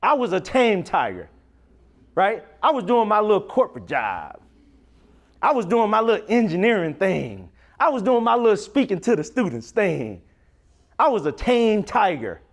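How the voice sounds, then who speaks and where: Animated male motivational speaker, preacher-like cadence. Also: high voice, normal speed. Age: young adult. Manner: preacher-like cadence, swinging from loud to near-whisper. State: choked up and crying at times. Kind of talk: motivational keynote speech.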